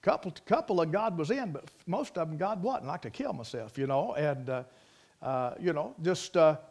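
A preacher man with a high voice, telling stories in a folksy, rambling way from the pulpit. He talks plainly and drifts between anecdote and scripture. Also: expressive, normal speed, darkish tone. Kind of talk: sermon with storytelling.

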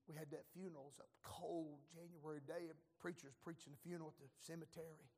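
An older man preaching a sermon, telling folksy stories and breaking into loud shouted prayers. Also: fairly high pitch, level tone, fast, slightly rough. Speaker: pastor. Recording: long echoey church reverb.

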